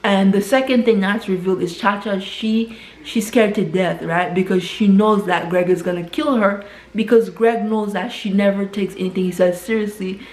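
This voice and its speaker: A woman's voice: mid-range voice, fairly even intonation, darkish tone. Woman in a roomy, echoey room, retelling a story. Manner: tags nearly every sentence with "right?"; stumbles and repeats words as she rushes on. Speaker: vlogger retelling a film plot. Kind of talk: casual spoken retelling. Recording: roomy echo.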